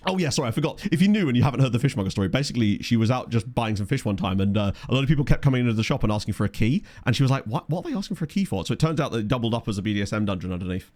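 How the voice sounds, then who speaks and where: Male streamer, quick lively delivery, jokey game commentary. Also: mid-range voice. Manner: chatty, jokey, reads game stats aloud. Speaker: streamer playing a management game. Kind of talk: casual live-stream chat.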